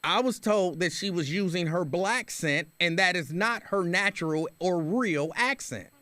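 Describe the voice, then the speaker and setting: Guy on talk radio reading out comments, kinda high voice, dry close mic, opinionated. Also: a little slow, sharp tone, no echo. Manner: conversational, opinionated, with frequent restarts. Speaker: radio talk show host. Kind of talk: casual call-in talk, reading listener comments.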